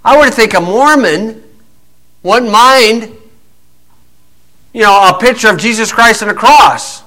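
Scornful preaching man, high and bright. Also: takes it slowly, pauses often, poor audio. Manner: combative, scornful, folksy with many fillers. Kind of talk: blunt preaching monologue.

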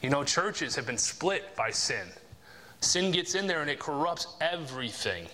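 A man preaches in a large hall with lively intonation and a pushed, bright voice at a moderate pace. His sermon is relaxed and conversational, peppered with "right?" and "you know?", and he slips into a higher voice to imitate mockers and coworkers.

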